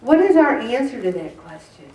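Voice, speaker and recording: A woman's voice: on the high side, big pitch swings, moderate pace, darkish tone. A woman in her sixties giving a chatty, self-mocking faith talk to a group and asking them questions. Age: 60s. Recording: roomy, distant mic.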